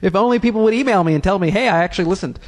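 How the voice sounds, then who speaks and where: A man chats fast and loosely, hopping between jokes and tangents and leaving sentences unfinished. His voice sits a little high. The room echoes with a long tail. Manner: rambling, jokey, trails off mid-sentence. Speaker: podcast host. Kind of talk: casual chat. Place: basement room under a church.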